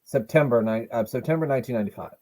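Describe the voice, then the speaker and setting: A man co-hosts a wrestling podcast, chatting casually as he watches, joking and swearing now and then. He's an adult who watched wrestling as a kid in 1995, and his mid-range, mellow voice moves very fast.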